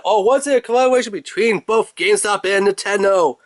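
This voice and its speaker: A man's voice: high voice, fairly quick, no echo. Rambling man reviewing a toy. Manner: rambling, talkative, animated storytelling. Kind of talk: casual unboxing review.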